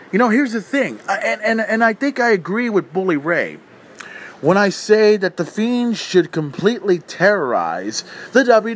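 A man with a high-pitched voice hosts a podcast in an opinionated casual rant. He sounds heated and incredulous and stumbles over repeated words as he restarts. Faint noise sits under the voice. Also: fairly bright tone. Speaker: podcast host.

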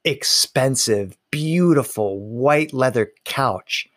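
A middle-aged man and storyteller speaking in a lively, conversational way, slowing down to linger on details. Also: medium pitch, dry recording, clean studio sound. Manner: animated, slows down on details, many restarts. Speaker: storyteller and author.

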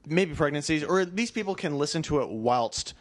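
A man's voice: on the high side, expressive, a little fast, no room sound. A man hosting a podcast in casual chat, joking and steering the talk. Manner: joking, runs the show. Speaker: podcast host.

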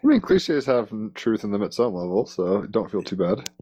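A man's voice: lowish voice, very animated, moderate pace, mellow, husky. A man hosting a casual interview, laid-back and reassuring. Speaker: podcast host.

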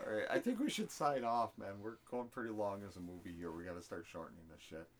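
A man's voice: on the low side, fast talker. A young man co-hosting a podcast, trading crude jokes in casual banter. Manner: joking, animated, trades raunchy riffs. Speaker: podcast co-host.

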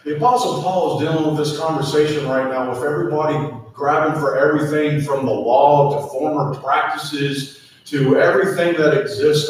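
A man's voice: mid-range voice, a little hiss or hum. A man preaching a sermon in a church, earnestly asking the congregation to repeat lines to their neighbors. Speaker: pastor. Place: church sanctuary. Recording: echoey sanctuary from far off.

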